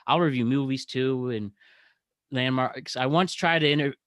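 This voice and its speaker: A man's voice: mid-range voice, normal speed, no room sound. A young man hosting a podcast in casual chat, rambling with frequent restarts and fillers. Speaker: podcast host.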